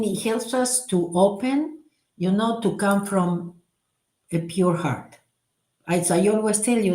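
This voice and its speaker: Soft-spoken woman teacher, echoey room. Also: on the low side. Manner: soft-spoken, warm-hearted, laughs at own slips. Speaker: spiritual teacher. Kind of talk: guided recitation and casual teaching talk.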